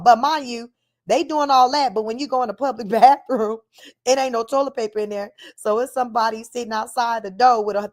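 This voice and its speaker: A woman from Northern California, hosting a casual livestream, reading viewer comments and chatting about her travels, often laughing while she talks and calling her viewers y'all. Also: fairly high pitch. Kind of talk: casual chat.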